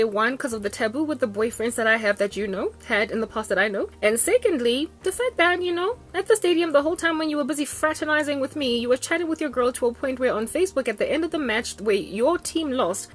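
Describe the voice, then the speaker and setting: A young South African woman with a South African accent, chatting casually with slang and local words as she tells her testimony. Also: high-pitched. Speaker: Christian vlogger.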